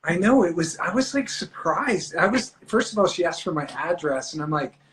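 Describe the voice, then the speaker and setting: A man's voice: a little high, expressive, moderate pace, a bit bright. A man chatting as a guest on a phone livestream from indoors, goofy and playful. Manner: goofy, playful, self-described a bit nuts. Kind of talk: casual chat.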